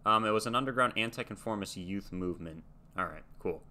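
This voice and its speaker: A man's voice: on the low side, brisk, sharp tone. A young American man casually reading facts aloud and musing, hosting a reaction video. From United States. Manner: reads facts aloud, muses and trails off.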